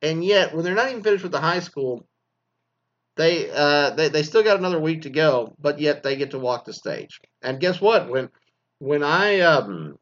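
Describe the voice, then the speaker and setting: A man's voice: on the high side, expressive, moderate pace, muffled recording. A man in his forties, a former teacher, telling a crude story in a casual rant and swearing constantly. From Mesquite, Texas.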